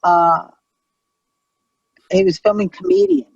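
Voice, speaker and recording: A middle-aged woman comedian, telling stories in a brash, profane, animated way. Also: medium pitch, takes it slowly, gravelly, husky, no echo, dull audio. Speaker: comedian guest. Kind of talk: casual storytelling chat.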